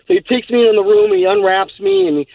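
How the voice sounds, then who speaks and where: High-voiced man telling a story over a phone line. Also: big pitch swings, quick pace, vocal fry, no echo. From Texas. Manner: rambling, laughing, many fillers. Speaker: caller. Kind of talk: casual storytelling on radio. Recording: tinny phone line, dry.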